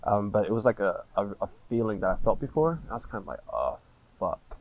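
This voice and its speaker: A man in his thirties, a podcast guest, telling a personal story candidly, in casual slang with frequent swearing and halting restarts. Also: lowish voice, animated, narrow, tinny audio.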